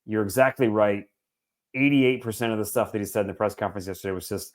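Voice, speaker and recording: Animated man in his forties ranting casually. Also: fairly low pitch, quick pace. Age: 40s. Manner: animated, swearing, joking asides. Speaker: podcast co-host. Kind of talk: casual sports chat.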